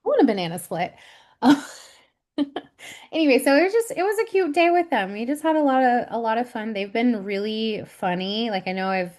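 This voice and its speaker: A woman in her thirties co-hosting a podcast in casual chat, telling an animated story with lots of laughter and fillers. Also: a little high, normal speed. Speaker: podcast co-host.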